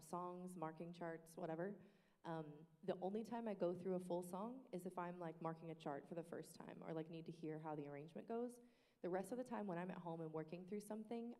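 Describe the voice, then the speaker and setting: Woman panelist in a reverberant room. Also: lowish voice. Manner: animated, sings short phrases to demonstrate. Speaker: worship team panelist. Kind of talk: casual panel discussion.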